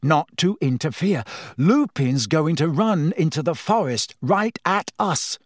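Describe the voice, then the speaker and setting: A man's voice: a little high, lively intonation, a little slow, dry recording, studio quality, pitched above the performer's own voice. Brief: keyed-up schoolboy wizard, voiced by a man, stubborn and urgent, storybook reading. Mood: tense. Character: restless, determined teenage boy wizard.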